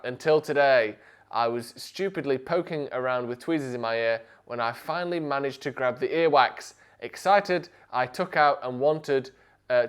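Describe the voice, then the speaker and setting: A young man hosting a casual live stream, joking and animated, sometimes rising to near shouts. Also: mid-range voice, smooth.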